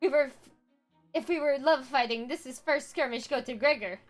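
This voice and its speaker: A woman's voice: sits high, moderate pace, faint music behind, close to an everyday voice. A woman voicing a jovial, boastful male mercenary who speaks in broken grammar and refers to himself by name. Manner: jovial and swaggering.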